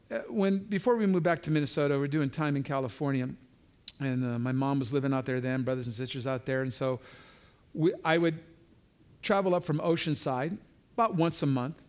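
A man's voice: fairly high pitch, a little mellow. A man giving an informal verse-by-verse Bible teaching, talking conversationally with frequent asides and restarts.

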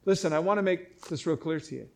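Impassioned middle-aged male pastor, high voice, emphatic sermon delivery. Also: quick pace, creaky, a little mellow. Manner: emphatic, impassioned preaching with repeated restarts. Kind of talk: sermon, reading and explaining scripture.

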